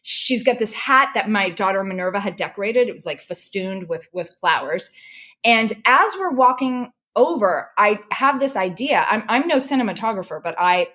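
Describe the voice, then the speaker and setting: A woman's voice: medium pitch, moderate pace. Woman telling a heartfelt story. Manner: animated, restarts when moved. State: emotional. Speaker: podcast guest, correspondent. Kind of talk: emotional storytelling.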